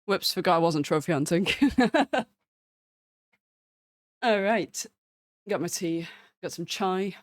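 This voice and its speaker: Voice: mid-range voice, slow, long pauses, dry recording. A streamer giving casual gameplay commentary, full of sarcasm, laughter and swearing.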